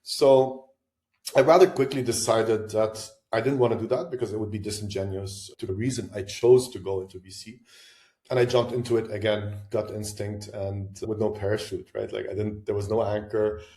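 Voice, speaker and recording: A man's voice: on the low side, steady tone, moderate pace, mellow. A man from Lebanon, a podcast guest, answering interview questions in a reflective way, thinking aloud with asides and restarts. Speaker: podcast guest, venture investor. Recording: roomy echo.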